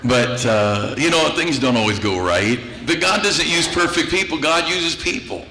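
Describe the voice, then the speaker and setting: A man preaching to his congregation with a bright, forceful voice. He tells his stories with humor and chuckles often. He is recorded in an echoey church room with a faint hiss behind him. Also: fairly high pitch, animated, moderate pace. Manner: humorous, chuckles through anecdotes. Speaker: pastor. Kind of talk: storytelling sermon. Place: church sanctuary.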